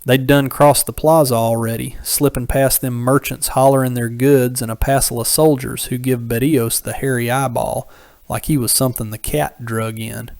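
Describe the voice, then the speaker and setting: A man narrating an audiobook with a drawling, colloquial Old West yarn-spinning manner. His mid-pitched voice carries a gravelly rasp, recorded close in a dry booth. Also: fairly even intonation, normal speed, darkish tone, no echo.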